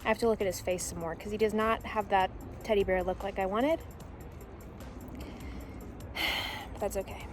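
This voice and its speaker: A woman's voice: steady tone, moderate pace, pauses often. Chatty young woman vlogging over music. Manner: gushing baby talk to her dog, voice jumping high. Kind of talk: casual vlog chat.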